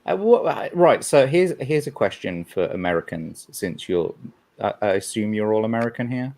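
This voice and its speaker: Podcast host, lowish voice, loose and profane banter. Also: male voice, animated, moderate pace, a little mellow. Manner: swearing, joking, loose and rambling. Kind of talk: casual podcast chat.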